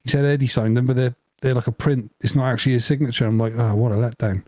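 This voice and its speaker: A man co-hosting a podcast, telling an animated story through laughter in casual chat. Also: mid-range voice, rapid-fire, no echo. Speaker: podcast co-host.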